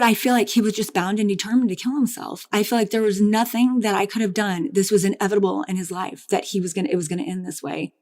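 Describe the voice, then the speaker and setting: A middle-aged woman speaks at an everyday mid-range pitch, telling a deeply personal story. Her delivery is halting and grief-laden, with frequent false starts and repeated phrases. Soft guitar music plays faintly behind her. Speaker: interview guest, bereaved mother.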